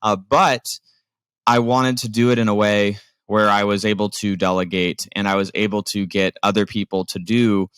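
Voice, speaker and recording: A man's voice: fairly low pitch, little pitch movement, moderate pace, a bit bright, clear, resonant tone, no room sound. A man, a business owner, explaining delegation in a conversational, emphatic way with many fillers. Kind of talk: casual instructional talk.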